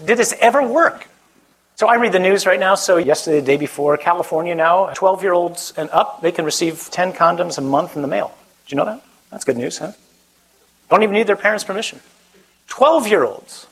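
A priest giving a conversational sermon to a live audience, with self-deprecating humor. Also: male voice, on the high side, vocal fry, slightly rough, rough recording. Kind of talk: sermon to a young adult group.

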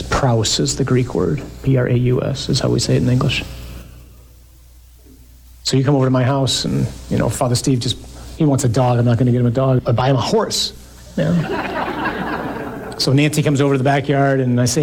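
A man preaching to a live congregation, reading scripture slowly and with emphasis, then breaking into quick, joking asides. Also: mid-range voice, a little mellow, breathy edge.

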